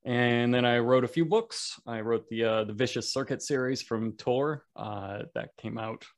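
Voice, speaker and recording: A man's voice: medium pitch, a little slow. A man appearing as a podcast guest, a writer talking about his career with dry humor. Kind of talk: casual interview chat.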